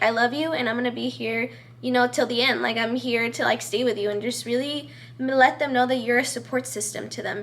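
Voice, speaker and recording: A woman's voice: a little high, fairly bright tone. A young woman giving earnest, encouraging advice straight to camera in a casual vlog, filling her talk with "like" and "you know".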